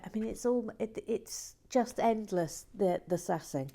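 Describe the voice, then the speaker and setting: A woman chatting casually while building, playful and teasing, often dropping into soft whispered asides. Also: mid-range voice, a little slow, gravelly, hardly any pauses. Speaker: LEGO building vlogger. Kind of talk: casual chat while building and reading comments.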